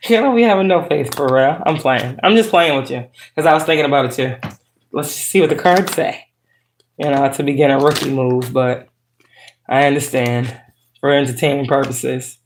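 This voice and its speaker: A woman's voice: extremely low pitch, normal speed, a little hiss or hum. A woman tarot reader chatting casually to her viewers, outspoken and profane. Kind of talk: casual tarot reading chat. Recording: roomy echo.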